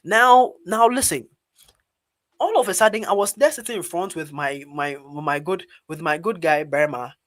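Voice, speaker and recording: A man from Ghana with a Ghanaian English accent, telling a story as a public speaking trainer in an online webinar and talking straight to his audience in an animated way. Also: fairly high pitch, moderate pace. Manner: animated, talks directly to his audience as "guys".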